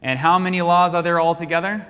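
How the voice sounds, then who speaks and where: An American man leads a church class in a quiz-style review, pausing mid-sentence so the group can call out the answer. His voice sits a bit high and sounds bright and forceful. A long hall reverb trails behind each phrase. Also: steady tone. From United States. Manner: quizzing, leaves sentences hanging for the class to finish. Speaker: Sunday school teacher. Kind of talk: question-and-answer Bible review.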